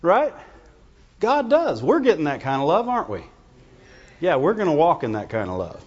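Lively, high-voiced preacher in a reverberant hall. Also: male voice, normal speed, husky. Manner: conversational, asks congregation "Amen?" and "Right?" often. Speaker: pastor. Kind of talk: sermon. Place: church sanctuary. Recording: dull reverberant church recording.

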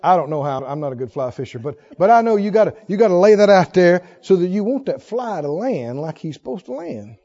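A man preaching a sermon with emphasis, repeating key phrases and swinging between loud declarations and soft asides. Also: sits high, big pitch swings, fairly quick, hardly any pauses, dull audio.

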